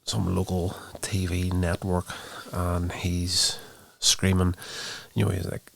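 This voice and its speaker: Low gravelly man casually recapping a film. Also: completely flat delivery, slow. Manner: rambling plot retelling with many fillers. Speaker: podcast host reviewing a movie. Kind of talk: casual spoken movie review.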